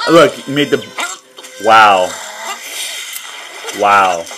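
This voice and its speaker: Laughing man reacting, slow and lively. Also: a little high, rough recording. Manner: frequent laughter and repeated exclamations of wow. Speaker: reaction video host. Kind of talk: casual reaction commentary. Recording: music playing behind.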